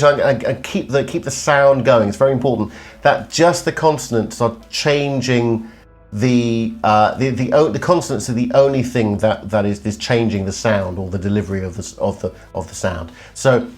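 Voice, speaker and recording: A middle-aged man teaching vocal technique as a coach, breaking off to hum and intone examples. His voice sits at a mid pitch, and faint music plays quietly behind him. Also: fairly quick. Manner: demonstrative, hums and sings examples. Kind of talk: vocal exercise lesson.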